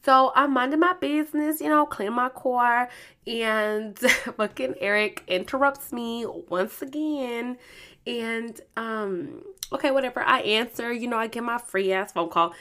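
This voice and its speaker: A young adult woman telling a story in a casual vlog, animated and slangy, swearing freely as she talks to her viewers. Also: medium pitch. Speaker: vlogger.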